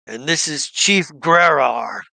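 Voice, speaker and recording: A man voicing a blunt, wary gnoll shaman who speaks in halting, broken sentences. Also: on the high side, lively intonation, gravelly, pushed and bright, no room sound, full character voice. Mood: solemn.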